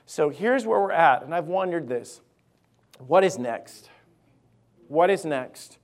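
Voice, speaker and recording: A man's voice: on the high side, animated, slow. A man, a lead pastor, preaching an impassioned sermon in a church and repeating key phrases for emphasis. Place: church sanctuary.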